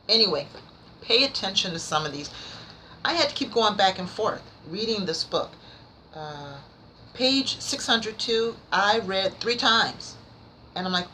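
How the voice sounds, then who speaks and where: A woman reviewing books in a casual vlog, nervous and rambling, stumbling over her words but excited and passionate. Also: medium pitch, slow pace, long pauses, slight background noise, poor audio. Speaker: book vlogger. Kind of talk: casual book review chat.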